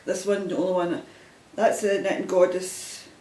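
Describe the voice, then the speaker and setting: A woman's voice: level tone, normal speed, warm tone. A Scottish woman chatting casually and rambling a little as she shows her crafting projects on her video podcast. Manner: chatty, self-deprecating, meandering. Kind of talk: casual show-and-tell chat. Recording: roomy echo, faint rumble.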